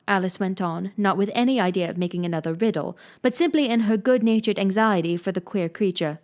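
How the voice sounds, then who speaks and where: A woman reads a children's classic aloud for an audiobook. her narration is gentle and even, and she keeps a steady, easy storytelling pace between the characters' lines. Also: lowish voice, fairly quick, few pauses.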